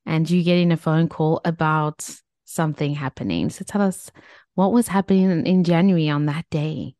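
A woman's voice: sits low, fairly even intonation, moderate pace, dark tone, no room sound. A woman hosting an interview podcast, guiding her guest with encouraging, filler-laden prompts. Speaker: podcast host.

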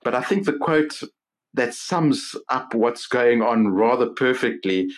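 A man's voice: mid-range voice, lively intonation, a little slow. Easygoing male podcast host. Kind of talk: podcast interview.

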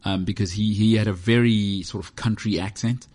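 A man's voice: fairly low pitch, steady tone, moderate pace, darkish tone. A man hosting his own podcast, talking in a rambling, self-mocking, joking way as he chats on his own. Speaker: podcast host. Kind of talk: casual solo podcast monologue. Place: indoors, heated room.

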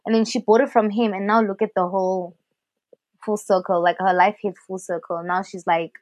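A South African woman co-hosting a podcast, telling stories in a chatty, animated way with lots of fillers. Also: mid-range voice, fairly quick, no room sound. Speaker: podcast co-host. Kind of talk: casual chat.

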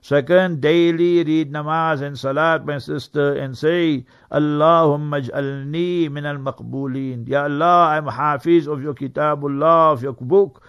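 A man with a somewhat raised pitch teaches like a preacher on the radio. He talks earnestly and leans on key words for emphasis. Now and then he breaks into quick Arabic recitation. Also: steady tone, clear, resonant tone, muffled recording. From South Africa. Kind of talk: religious talk on Quran verses. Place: radio studio.

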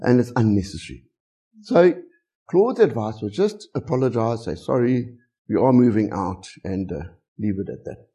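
In his sermon, a middle-aged South African English pastor leans on animated storytelling and repeated rhetorical questions. He talks at a moderate pace in a mid-range, breathy voice.

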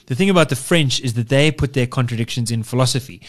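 A man's voice: mid-range voice, quick pace, few pauses. A man co-hosting a casual political podcast, talking discursively and philosophically in long winding sentences. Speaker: podcast co-host.

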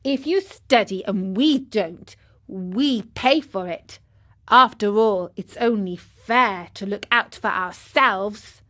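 A woman's voice: medium pitch, slow, bright, forceful tone. A woman voicing a gang of rowdy, teasing schoolboys in a storybook reading, jeering and boastful.

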